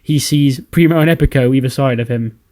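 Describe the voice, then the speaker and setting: A man's voice: medium pitch, brisk, a little mellow. A man hosting a channel, casually narrating a recap of a wrestling simulation game and acting out the quotes. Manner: casual, storytelling with acted quotes.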